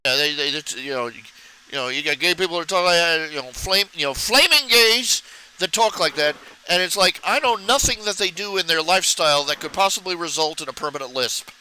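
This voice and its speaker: A man's voice: on the high side, fast, sharp tone, slight background noise, low-quality recording. A man chatting casually on stream while he draws, rambling and stammering through his jokes. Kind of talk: casual chat while drawing.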